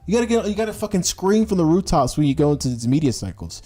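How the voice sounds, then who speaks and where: The streamer's voice here is a little high, warm, and very animated, moving quickly with few pauses while faint music plays behind him. He reads political headlines aloud in a casual rant. His delivery is full of stumbles and restarts, and he repeats phrases emphatically to make his points.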